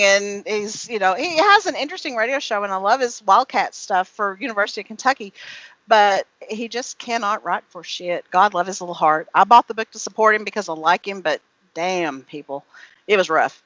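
A woman's voice: medium pitch, a bit bright, no room sound. Tipsy, giggly woman swearing freely. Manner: giggly, profane, rambling. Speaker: author guest. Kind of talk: casual podcast interview. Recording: dry, dull lo-fi call audio.

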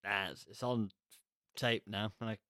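A man's voice: on the low side, steady tone, normal speed, bright, forceful tone, dry recording, clean studio sound. A man co-hosting a horror podcast, chatting in a laid-back, wry way into a podcast mic. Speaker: podcast co-host. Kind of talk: casual chat.

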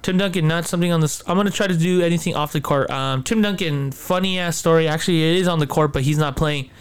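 A man's voice: fairly high pitch, fast, smooth. A man hosting a casual sports chat, rambling with many restarts and fillers. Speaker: podcast host.

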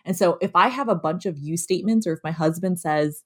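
A woman's voice: on the low side, brisk, few pauses. Candid woman talking about anger. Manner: candid, animated storytelling. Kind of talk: casual conversation about anger.

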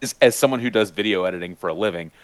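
Deep-voiced enthusiastic man in casual chat. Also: very fast, dry recording. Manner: enthusiastic, rambling with many fillers and restarts; mimics voices with sudden high-pitched bursts. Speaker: podcast panelist.

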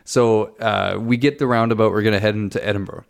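A man's voice: fairly low pitch, steady tone, a little fast, vocal fry. A man in his thirties, co-hosting a podcast and telling a long travel anecdote with rambling asides and self-corrections. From Canada. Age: 30s. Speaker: podcast co-host. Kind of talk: casual storytelling.

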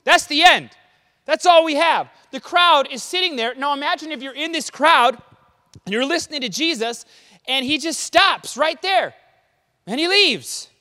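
A man preaching a conversational sermon in an animated way, often checking in with his listeners. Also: very high voice, moderate pace. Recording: long hall reverb.

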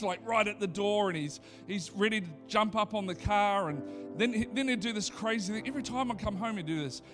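A high-pitched man preaches a sermon, moving from a relaxed storytelling tone into excited, repetitive preaching. Soft music plays faintly underneath. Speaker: pastor.

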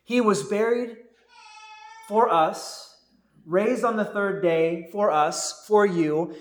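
A man preaching a sermon as pastor, earnest and deliberate, rising to fervent cries. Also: high-pitched, echoey room.

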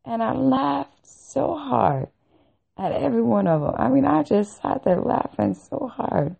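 A woman vlogging in a casual storytelling rant, blunt and full of profanity, laughing as she goes. Her voice is deeply gravelly and husky. She takes her time, and the recording sounds dull and lo-fi. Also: animated, a little slow, dark tone.

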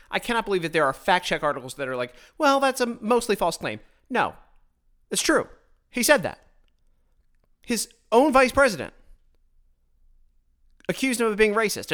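A man's voice: on the high side, sharp tone. A man hosting a podcast, delivering a blunt, sarcastic political monologue into his own microphone, often stumbling and restarting his sentences. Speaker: podcast host.

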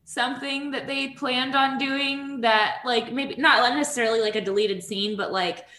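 A woman's voice: sits high, moderate pace, pushed and bright, reverberant. A woman co-hosting a podcast in casual chat, giggly and filling her talk with "like" as she thinks aloud. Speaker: podcast co-host.

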